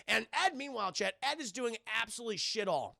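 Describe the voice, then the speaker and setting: High, gravelly-voiced man recapping a film. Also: quick pace, no echo, studio quality. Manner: animated, profane, acts out character lines. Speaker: film reviewer streaming to live chat. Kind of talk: casual scene-by-scene film recap.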